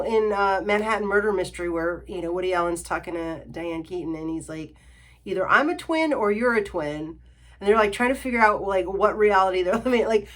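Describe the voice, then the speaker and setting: A young adult woman reviewing films in a sarcastic, exasperated rant, full of "like" and "you know.". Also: fairly low pitch. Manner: exasperated, sarcastic, filler-heavy ranting. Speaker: film reviewer. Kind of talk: ranting film review vlog.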